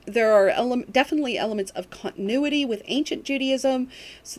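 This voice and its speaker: A woman delivers a recorded university lecture in an explanatory way. She talks at a middle pitch, pausing often on fillers and restarting her phrases as she works through her points. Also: darkish tone.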